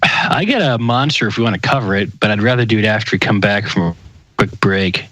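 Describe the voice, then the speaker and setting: A man's voice: on the low side, expressive, fairly quick, sharp tone, dry recording. A man co-hosting a comedy podcast, making brief, laid-back remarks in casual banter. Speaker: podcast co-host.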